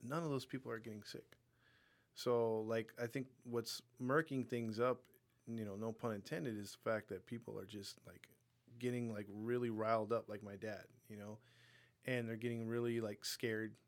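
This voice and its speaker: A man's voice: fairly low pitch, flat delivery, normal speed. A young man co-hosting a podcast in casual chat, rambling and loose, with lots of "like" and "you know". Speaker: podcast co-host.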